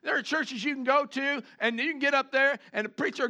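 A man preaching a sermon, animated, switching between chatty asides and loud shouted lines, acting out the people he quotes. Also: very high voice, fast talker, hardly any pauses, dull audio. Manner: acts out the congregation and the people he quotes. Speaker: pastor.

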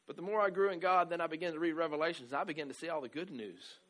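A man preaching in a slightly higher voice than most men. He drifts between soft, chatty asides to the congregation and loud, stretched-out, emphatic lines, tossing in "right?" and "amen" as he goes. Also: very fast, few pauses. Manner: conversational, peppered with "right?" and "amen". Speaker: pastor. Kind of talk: sermon.

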